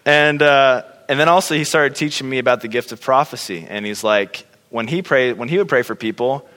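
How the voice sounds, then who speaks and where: A man's voice: mid-range voice, brisk, few pauses, a bit bright. A man telling a personal faith story in a casual, chatty way, with lots of fillers and acted-out reactions. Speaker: speaker sharing a testimony. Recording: long hall reverb.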